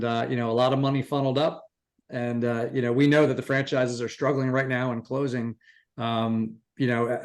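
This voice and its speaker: A man hosting a casual chat, talking loosely with lots of fillers. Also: mid-range voice. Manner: loose and rambling, full of fillers. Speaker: host.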